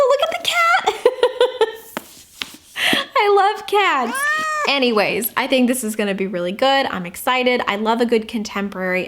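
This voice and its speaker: A young adult woman chatting casually about books in a haul video, bubbly and gushing with lots of fillers. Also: on the high side. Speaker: booktuber. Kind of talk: casual book haul chat.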